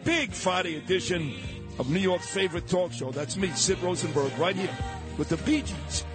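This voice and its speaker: A man's voice: high voice, loud music behind the voice. A man hosting a morning radio talk show, ranting with fiery energy and laughing often. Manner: fired-up, ranting, quick to laugh.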